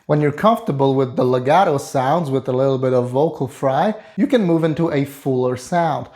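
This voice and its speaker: A man who is a vocal coach, explaining singing technique in a calm, instructive way. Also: medium pitch, moderate pace. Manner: explains calmly, then sings short staccato and fry demonstrations. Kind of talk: singing lesson with sung demonstrations.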